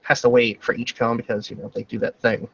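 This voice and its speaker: A man's voice: mid-range voice, flat delivery, fast, breathy edge, highs cut off. A man playing a tabletop role-playing game, describing his character's actions in a casual, rambling way with frequent swearing. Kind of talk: tabletop role-play narration.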